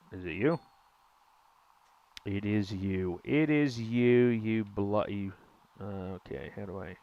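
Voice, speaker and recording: In a low-quality recording with a little hiss or hum, a young man streams a game with casual commentary in a lowish voice. He rambles and corrects himself as he chats with viewers, adding mild exclamations.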